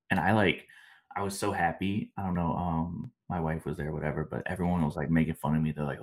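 Deep-voiced laid-back male podcast host. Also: fairly even intonation, a little fast, husky. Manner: laid-back, rambling storytelling with slangy asides. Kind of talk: casual chat.

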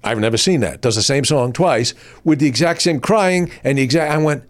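Storytelling man in his sixties. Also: brisk. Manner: animated anecdotes with bursts of high-pitched quoted voices. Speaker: guest. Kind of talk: casual chat, storytelling.

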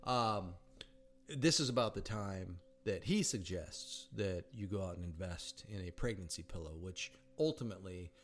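A man's voice: low-pitched, expressive, moderate pace, slight background noise. A man co-hosting a podcast in casual chat, teasing his friend and shrieking in disbelief. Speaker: podcast co-host.

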